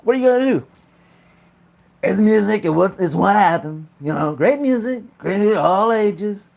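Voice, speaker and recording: A man's voice: sits high, animated, normal speed, gravelly, darkish tone. A man hosting a casual morning chat show, joking and laughing often while a pet clings to his arm. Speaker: host.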